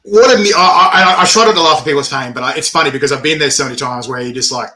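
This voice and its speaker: A man, chatting casually as the interviewer. His voice sits a little high and rings bright and forceful. He tells lively stories and laughs often. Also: quick pace. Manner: animated storytelling, laughs often. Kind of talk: casual chat.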